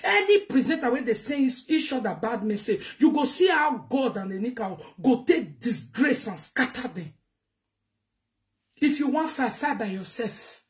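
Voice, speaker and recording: A Nigerian-accented woman rants straight at her viewers in a fairly high voice. She scolds, repeats her points and drops in Yoruba phrases as she talks. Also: sing-song, normal speed. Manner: ranting, scolding, repetitive, mixes in Yoruba phrases. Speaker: online commentator. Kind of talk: heated monologue to viewers.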